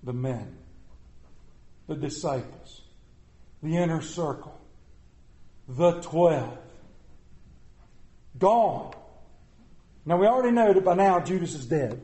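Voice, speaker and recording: High-voiced preacher in an echoey church. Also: male voice, lively intonation, warm tone. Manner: preaching with dramatic pauses and repetition. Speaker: pastor. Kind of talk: sermon. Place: church sanctuary. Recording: echoey room.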